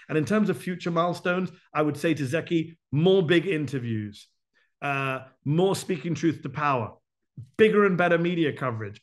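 A man whose voice sits a little higher than most. He hosts a live question-and-answer town hall, talks briskly and with animation, and reels off points in lists with quick asides. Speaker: host answering members' questions.

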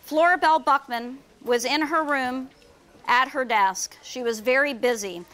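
Brief: woman author, high voice, reads her kids' book aloud at a bookstore, lively and chatty. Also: unhurried. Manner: lively, storytelling with fillers. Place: bookstore event.

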